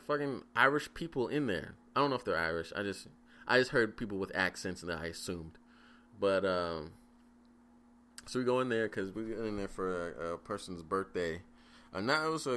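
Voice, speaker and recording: A man's voice: lowish voice, pushed and bright. A man in his twenties hosting a casual solo podcast, telling stories in a rambling, profane way full of fillers and restarts. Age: 20s. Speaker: podcast host.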